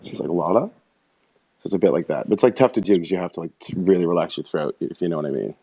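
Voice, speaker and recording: A man hosting a casual chat on a live audio stream, rambling and excitable and swearing freely. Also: low-pitched, rapid-fire, breathy edge, no echo, muffled recording. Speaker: podcast host.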